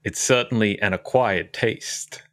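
A man's voice: lowish voice, measured pace, fairly bright tone. A man chatting casually as a podcast guest, playful and enthusiastic.

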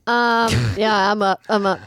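A woman's voice: medium pitch, fairly even intonation, unhurried, a bit bright, soft background music. A woman co-hosting a comedy podcast, chatting in a drowsy, laid-back way. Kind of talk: casual comedy banter.

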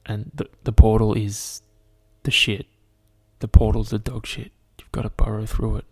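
A young man hosts his podcast alone, his slightly low, darkish voice completely flat at a moderate pace. Unscripted and casual, he swears freely and leans heavily on fillers while ranting and spinning a silly story.

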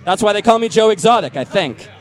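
A brash man from Boston hosts a comedy show, teasing passersby with jokes. His voice is high and swings up and down with lively animation. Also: fast talker, crowd noise. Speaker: host.

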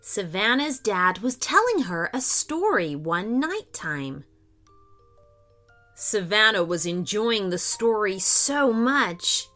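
Woman narrator, children's story, slow, bright, expressive. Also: mid-range voice. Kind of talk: scripted narration.

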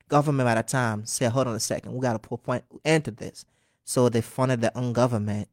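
Man, 20s, from Liberia, interview guest, animated, earnest, mid pitch, dry close sound. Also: no room sound. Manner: animated, laughs often, earnest. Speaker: guest singer. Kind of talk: casual interview chat.

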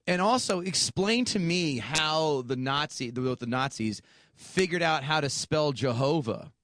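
A man's voice: fairly high pitch, animated, measured pace, fairly bright tone, a little hiss or hum. A man co-hosting a podcast, chatting casually in a rambling, profane way with many restarts. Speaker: podcast co-host. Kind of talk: casual chat.

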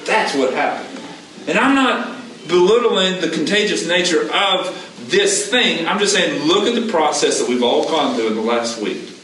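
Animated male preacher in an echoey hall. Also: on the high side, moderate pace. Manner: animated, asks the congregation questions and repeats key phrases. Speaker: pastor. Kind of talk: conversational sermon. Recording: echoey room, distant mic, background noise.

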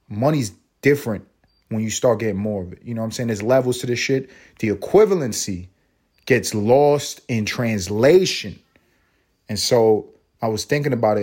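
Profane, animated male podcast host. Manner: profane, animated, riffing with sudden high exclamations. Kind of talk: casual solo podcast rant.

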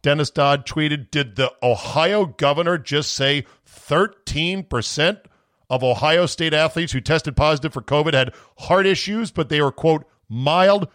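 A man's voice: fairly high pitch, measured pace, a bit bright, no room sound, clean studio sound. Ranting sarcastic male sports podcaster. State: voice going from screaming. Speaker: podcast host.

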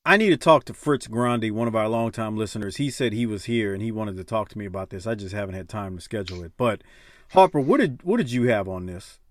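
A man hosting a casual podcast chat, animated and joking, laughing and swearing with his co-hosts. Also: on the low side, quick pace, no room sound, studio quality. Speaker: podcast host.

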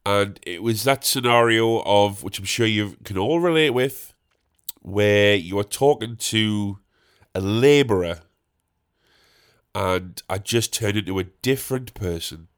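A man's voice: fairly low pitch, measured pace, clean tone. A young man telling a comic anecdote in loose, rambling fashion. He swears freely and pokes fun at himself as he goes. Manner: rambling, swears a lot, self-mocking.

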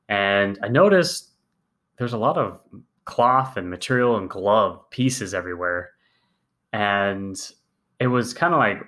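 A man's voice: lowish voice, sharp tone. A man co-hosting a podcast in casual chat, teasing his co-host with dry banter.

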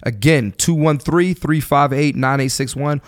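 Blunt, profane podcast host man in his thirties. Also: measured pace. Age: 30s. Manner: animated, voice jumps up high when fired up; blunt, swears freely, slangy street talk. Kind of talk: solo podcast rant, casual and profane.

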